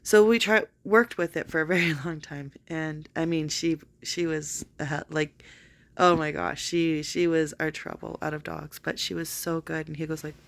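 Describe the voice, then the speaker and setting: A woman's voice: sits low, steady tone, moderate pace, gravelly. A woman telling a long personal story in a casual vlog, rambling with many fillers. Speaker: vlogger.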